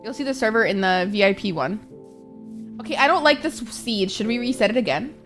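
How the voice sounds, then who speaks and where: A woman's voice: on the high side, expressive, a little fast, a bit bright, soft background music. A woman streaming a game live, chatting casually with her viewers, swearing often and reacting to chat.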